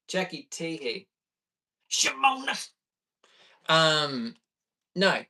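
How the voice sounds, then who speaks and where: A man's voice: fairly high pitch, bright, forceful tone. Chatty man, mic off at a distance. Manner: chatty, reacting to chat, laughs easily. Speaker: livestreamer. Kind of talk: casual live-stream chat.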